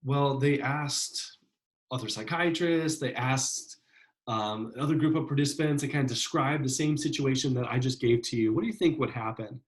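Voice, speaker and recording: A man's voice: medium pitch, moderate pace, rough recording. A man giving a psychology lecture in a casual, conversational way, often checking in with "right?" and using fillers. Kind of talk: classroom lecture.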